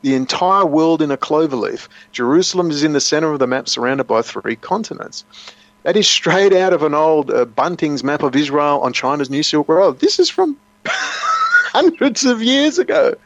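A man's voice: on the high side, moderate pace, no echo. A man speaking as a guest on a political talk show, intense and rambling, often stumbling over repeated words. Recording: muffled dry lo-fi audio.

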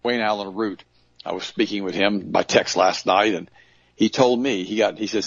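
A man with a low, gravelly, husky voice tells stories in a casual, earnest monologue and often stumbles over restarts. The recording is dry and sounds dull and lo-fi. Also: steady tone, brisk, no echo. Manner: earnest storytelling, repeating himself, restarts.

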